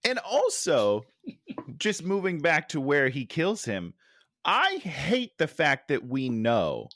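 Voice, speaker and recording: Animated joking man, lively pitch. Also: slow, no room sound, clean studio sound. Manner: animated, joking, laughs often. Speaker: podcast co-host. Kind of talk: casual movie-review chat.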